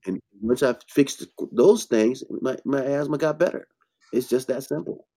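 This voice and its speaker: A man's voice: medium pitch, unhurried, dark tone. A man hosting a casual health talk as an herbalist, speaking bluntly and preachily with emphatic bursts. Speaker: herbalist host.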